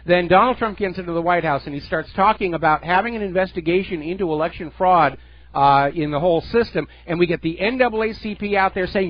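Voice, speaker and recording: A man's voice: high-pitched, brisk, muffled recording. A man hosting a solo political talk radio show, speaking emphatically and sarcastically into a close studio microphone. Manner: emphatic, sarcastic, mocks quoted figures in a put-on voice.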